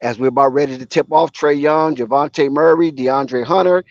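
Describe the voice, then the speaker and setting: A man's voice: a little high, normal speed, creaky, hardly any pauses, a little mellow, no echo. A man giving opinionated, conversational commentary on a live basketball game. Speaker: sports commentator. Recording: dull lo-fi sound.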